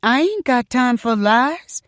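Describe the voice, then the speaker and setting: A woman reading an audiobook, voicing a blunt, folksy psychic who talks in a sharp-tongued way. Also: sits low, animated, unhurried, no room sound, studio quality. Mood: scornful.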